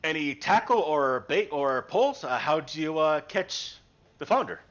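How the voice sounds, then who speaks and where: A man voicing a humble, polite fisherman who speaks hesitantly with many pauses, in a tabletop game over a web call. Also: fairly high pitch, expressive, a bit bright, highs cut off, pitched below the performer's own voice. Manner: hesitant, halting, full of ums and pardons. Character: humble middle-aged male fisherman, polite and shy.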